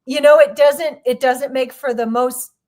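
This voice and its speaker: A woman's voice: high voice, steady tone, moderate pace, darkish tone. A woman guest co-host in casual podcast chat, blunt and candid, with many fillers and restarts.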